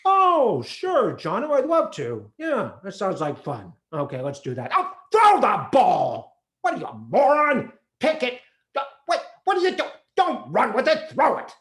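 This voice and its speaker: A blustery middle-aged dad barking at the television, as a man puts him on, his voice jumping high and loud with every outburst. He is exasperated, with sharp bursts of shouting in a solo stage story. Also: huge pitch swings, fairly quick, hardly any pauses, heavily acted. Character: gruff middle-aged dad yelling at football on TV.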